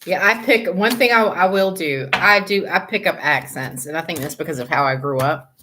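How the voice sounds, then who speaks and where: A woman's voice: lowish voice, moderate pace, noisy background. A woman tarot reader on a live stream, chatting casually with viewers, greeting them by name and laughing often.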